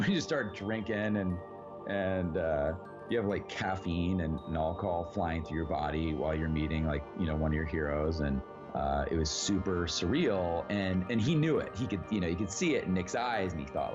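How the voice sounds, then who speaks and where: A man telling a long anecdote in a relaxed, casual way, rambling with many fillers and the odd swear word. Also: sits low. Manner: rambling, lots of "like" and "you know", swears freely. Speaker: actor guest. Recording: dull lo-fi sound.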